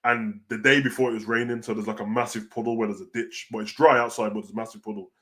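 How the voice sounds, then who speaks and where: A man's voice: fairly low pitch, fast. British man, slangy wrestling reaction host. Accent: British (London street slang). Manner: animated, slangy, peppers every line with "bro". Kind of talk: casual reaction commentary.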